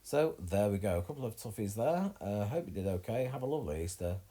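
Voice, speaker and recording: Relaxed man solving a crossword. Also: fairly low pitch, fast talker, poor audio. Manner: relaxed, thinking aloud with many uhs. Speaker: crossword solver. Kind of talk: casual crossword walkthrough.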